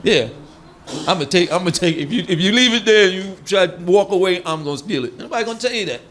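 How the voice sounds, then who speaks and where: A man's voice: sits high, animated, fast talker, fairly bright tone. A man preaching a sermon on proverbs in a folksy, colloquial way, acting out everyday quotes.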